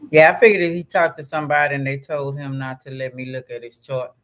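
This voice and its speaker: A man's voice: medium pitch, steady tone, fast, fairly bright tone. A man hosting a vlog, reading astrology text aloud and breaking off into casual, conversational asides. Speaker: vlog host.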